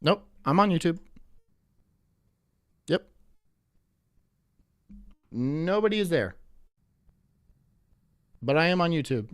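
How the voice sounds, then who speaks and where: A man hosting a live stream, reacting to clips in an animated way and swearing often. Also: fairly high pitch, takes it slowly, long pauses, no echo, clean studio sound. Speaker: streamer host.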